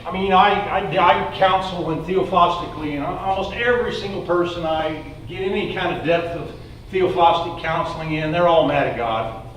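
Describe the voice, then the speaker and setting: A man's voice: a little high, normal speed, a bit bright. A man preaching a sermon in a casual, conversational way, full of fillers, reading scripture aloud between his own remarks. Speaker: pastor. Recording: roomy echo, distant mic, faint noise.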